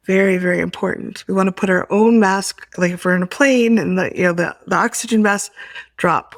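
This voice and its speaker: A woman speaking in a soft, reflective, halting way in a workshop, sharing her experience and calling out tapping points. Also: on the low side, no echo, studio quality. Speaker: workshop participant.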